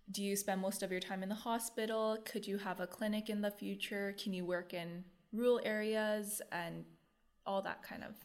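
A young woman, a medical student hosting a podcast, asking eager, chatty questions. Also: medium pitch. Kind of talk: casual interview questions.

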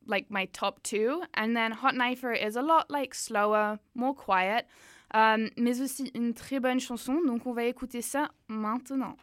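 A woman's voice: on the high side, fairly bright tone, clean tone, dry recording. A woman hosting a radio show in a casual way, chatting in a studio and switching between English and French with frequent filler sounds. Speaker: radio host.

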